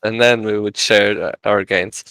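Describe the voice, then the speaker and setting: A man with a Portuguese accent, a podcast guest telling a story in casual chat, halting with many fillers. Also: fairly low pitch, steady tone, a bit bright, clear, resonant tone, dry recording, low-quality recording. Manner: halting, many "uh" fillers, acts out quoted voices.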